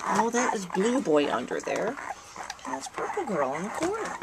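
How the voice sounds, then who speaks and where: A woman talking baby talk to her dog and newborn puppies in a soft, cooing, sing-song way. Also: mid-range voice, wildly swooping pitch, normal speed, heavy background noise. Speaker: dog breeder filming her litter.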